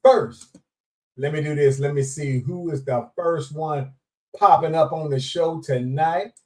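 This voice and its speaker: Unhurried and on the high side, a man's voice carries a live-stream chat in which he playfully greets viewers by name and laughs frequently. He's animated, speaking in a playful Southern Black vernacular, positioned somewhat away from the microphone.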